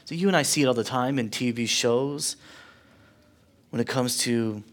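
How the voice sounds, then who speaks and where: A man preaching a sermon as pastor, rising in force on rhetorical questions and dropping low and soft when quoting. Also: normal speed. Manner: impassioned preaching, swelling louder on questions and dropping low for quotes.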